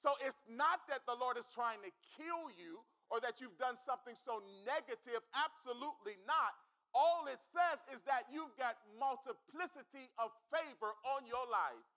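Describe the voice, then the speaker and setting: A male pastor preaching in a church with a very high, bright, piercing voice. He speaks fervently and repeats phrases for emphasis. He calls out directly to his congregation. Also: animated, normal speed, low-quality recording. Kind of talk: sermon.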